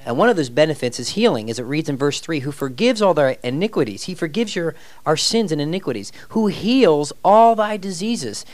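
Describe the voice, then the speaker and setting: A man's voice: on the high side, sing-song, fast talker, hardly any pauses, dry recording. Man reading scripture with dramatic lifts. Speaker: ministry teacher. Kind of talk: preaching-style teaching.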